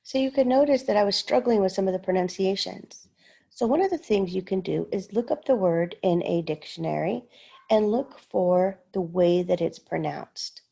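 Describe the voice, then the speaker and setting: A woman's voice: medium pitch, expressive, normal speed, vocal fry, dark tone, breathy edge. A woman teaching a recorded lesson, carefully sounding out words syllable by syllable. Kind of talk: slow recorded lesson walkthrough.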